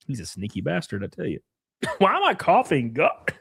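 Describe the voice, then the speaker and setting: Profane animated man streamer. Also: a little high, normal speed, creaky, breathy edge. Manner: profane, loud, animated rants at chat. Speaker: streamer host. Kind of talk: casual drinking stream chat.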